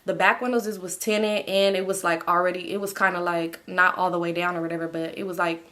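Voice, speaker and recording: A woman's voice: fairly low pitch, a little fast. Young woman, storytime vlogger, slangy and swearing, talks straight to viewers. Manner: animated, slangy, swears freely, addresses viewers as y'all. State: sleepy. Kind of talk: casual storytelling to camera.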